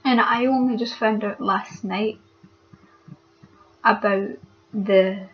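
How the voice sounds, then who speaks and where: A young woman, speaking haltingly and with many fillers as she talks upset into her camera for a vlog. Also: mid-range voice, fairly even intonation, slight background noise. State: upset and hurt. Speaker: vlogger. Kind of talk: casual confessional vlog. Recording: dull lo-fi webcam audio.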